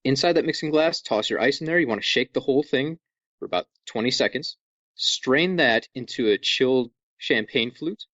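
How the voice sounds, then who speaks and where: A man hosting a podcast in a casual, jokey way, walking listeners through things with lively asides. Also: mid-range voice, moderate pace, no echo, muffled recording. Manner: jokey, animated, over-explaining. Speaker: podcast host.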